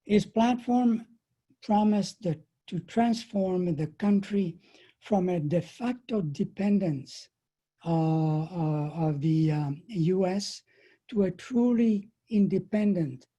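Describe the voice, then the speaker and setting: During an online webinar, a woman gives a prepared political talk, speaking slowly and deliberately and pressing hard on key words. Her lowish voice is very dark and slightly husky, captured on what sounds like a computer mic on a video call, with dull audio.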